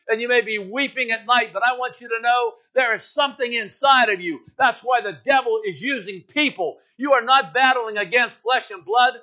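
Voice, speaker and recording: A man preaching a sermon with fervor, rising loud and high at its peaks and sinking to a hush at others, in a dull lo-fi recording. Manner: impassioned preaching that swells loud and high, then drops quiet.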